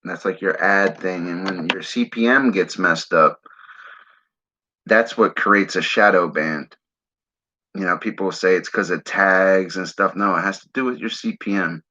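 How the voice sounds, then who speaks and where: A man's voice: low voice, unhurried, pushed and bright. A man from the Philadelphia area hosting a casual livestream, rambling and saying "man" a lot while he smokes. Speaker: livestream host. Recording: dull lo-fi stream audio.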